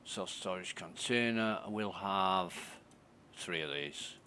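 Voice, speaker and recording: A man's voice: low voice, takes it slowly, pushed and bright, slight background noise. A man commentating casually on his gameplay, thinking aloud, muttering and swearing. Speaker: game streamer.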